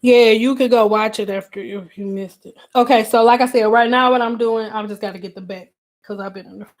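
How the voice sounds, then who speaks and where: A woman hosting a casual hair care livestream, talking animatedly with a sassy, blunt manner and swinging between loud outbursts and quiet asides. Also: a little high, steady tone, brisk. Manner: says her own voice sounds a little aggressive.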